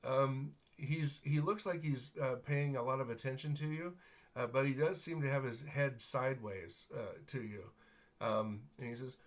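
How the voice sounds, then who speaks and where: Acting as game master for a tabletop game, a medium-pitched man describes the scenes. His narration is full of pauses and fillers.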